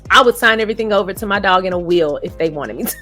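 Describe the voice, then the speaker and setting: A woman casually reviewing a show and telling a funny personal story in a chatty, animated way. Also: medium pitch, fast talker, soft background music. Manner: chatty and animated, laughs while telling stories.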